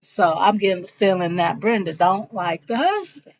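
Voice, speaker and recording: A woman's voice: mid-range voice, expressive, moderate pace. A woman giving a chatty, slangy, casual recap of a TV episode. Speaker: show recapper. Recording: dull lo-fi recording.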